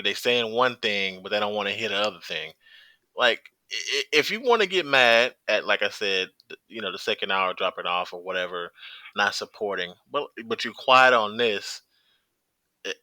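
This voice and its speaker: A man with a low, very forceful voice argues on a casual podcast, pressing his case with pointed questions. The mic sound is dry. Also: animated, moderate pace, no room sound, poor audio. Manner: questioning, builds an argument. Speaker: podcast panelist. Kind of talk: casual chat.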